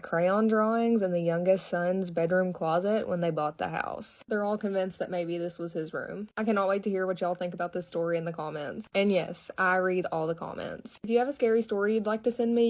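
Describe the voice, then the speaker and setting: Low-pitched lady telling a creepy story, super chatty, says like a lot. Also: darkish tone. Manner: chatty, uses filler "like" often. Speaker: storyteller, channel host. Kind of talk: casual scary story narration.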